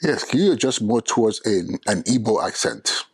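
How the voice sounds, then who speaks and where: A man's voice: on the low side, lively intonation, normal speed, slightly rough, no echo. A man hosting his own podcast as an educator, talking earnestly and persuasively with frequent restarts. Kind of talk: solo podcast talk.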